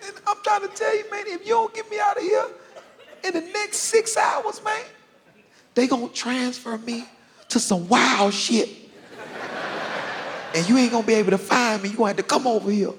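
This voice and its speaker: A man putting on the voice of his panicked, tearful brother, who pleads in a high, whimpering voice. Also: moderate pace, pauses often. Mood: pleading. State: crying. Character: panicked jailed grown brother, timid and tearful. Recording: long hall reverb, faint crowd ambience.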